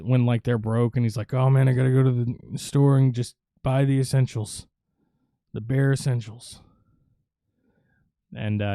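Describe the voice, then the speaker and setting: A man's voice: mid-range voice, dark tone, clean tone, no room sound, studio quality. A man streaming live, giving a casual, rambling, profane film recap with lots of fillers.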